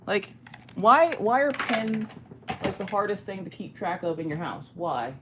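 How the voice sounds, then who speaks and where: A woman's voice: medium pitch, lively intonation, measured pace, background noise. A woman hosting a casual livestream, greeting viewers by name and chatting loosely. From United States. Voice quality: ticklish cough in throat. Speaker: livestream host. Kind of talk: casual live-stream chat.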